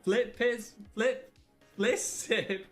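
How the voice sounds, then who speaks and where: A man playing a party game, giggly and sounding words out slowly. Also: sits high, steady tone, fairly bright tone, faint music behind. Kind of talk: casual banter, playful.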